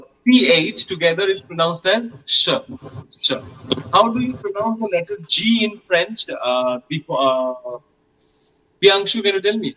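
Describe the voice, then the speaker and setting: A man's voice: a little high, sharp tone, low-quality recording. A man teaching a French class, patiently repeating questions and sounds with many hesitations.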